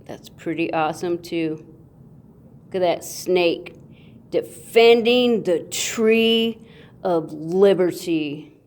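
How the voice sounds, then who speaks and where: A woman hosting a casual unboxing video, playful and goofy, with sound effects and drawn-out, excited remarks. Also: on the low side, slight background noise. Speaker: coin channel host.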